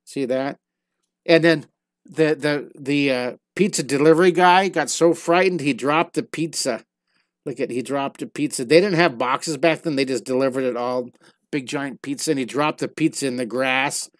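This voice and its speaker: A man's voice: medium pitch, normal speed, no echo, clean studio sound. A man teaching a live online drawing lesson, chatting playfully and telling silly stories as he draws. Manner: playful, storytelling while drawing.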